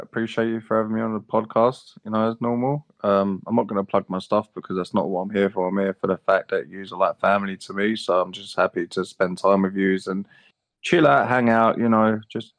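Man guest, low, even tone, slangy chat, dry sound. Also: fairly quick, no room sound. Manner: warm and slangy. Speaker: podcast guest. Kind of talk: casual chat.

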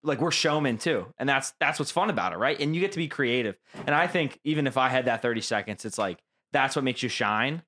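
Male co-host, average pitch, relaxed and affirming, casual talk. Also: a little fast, few pauses. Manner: relaxed, affirming, with many "right?" tags. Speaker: podcast co-host. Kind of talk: casual podcast chat.

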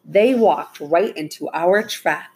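A woman's voice: lowish voice, moderate pace, slightly rough, pitched above the performer's own voice. A woman voicing an eager young boy who proudly explains a plan in a read-aloud story. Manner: eager, boastful.

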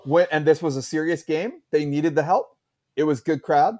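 A man with a slightly higher voice, talking casually about college football. He rambles, circles back with "like" and restarts, and laughs along as he goes. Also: moderate pace, warm tone. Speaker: podcast co-host. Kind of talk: casual sports chat.

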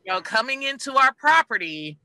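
A podcast guest with a very bright, sharp, forceful voice, recorded dry and close with no room sound. The talk is blunt and emphatic, full of swearing, with quick acted-out bits of dialogue. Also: high-pitched, big pitch swings, dry recording. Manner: fast bursts, acts out quick mock dialogue. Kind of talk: casual podcast chat.

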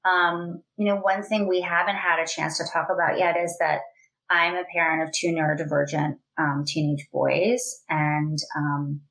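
Earnest lower-pitched woman guest. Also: moderate pace, poor audio. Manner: earnest, animated, many fillers. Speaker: guest, family educator. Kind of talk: conversational interview.

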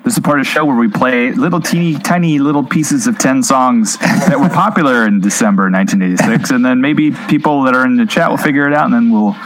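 A man's voice: medium pitch, fast, few pauses, slight background noise, poor audio. Rambling, jokey male show host. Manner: rambling and jokey, laughs at his own slips. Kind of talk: casual chat.

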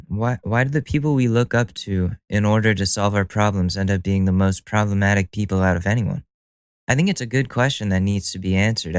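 A man hosts a solo podcast in a casual, profane, sardonic monologue. His voice sits a little low and has a smooth, clear tone. It is recorded close with no room sound. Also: no room sound. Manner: profane, sardonic, laughs at own jokes. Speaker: podcast host.

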